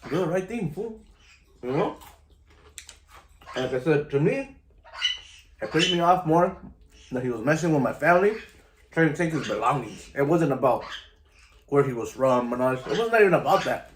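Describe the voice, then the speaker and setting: A man's voice: medium pitch, animated, normal speed, long pauses, reverberant, slight background noise. A middle-aged man, telling stories casually to camera in a laid-back, slangy way. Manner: laid-back, slangy, keeps saying "you know" and "vato". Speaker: vlogger.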